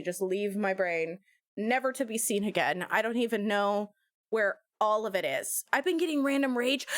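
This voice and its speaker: A woman streamer in casual live-stream chat, animated and joking, often breaking into laughter. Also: medium pitch, no room sound, clean studio sound.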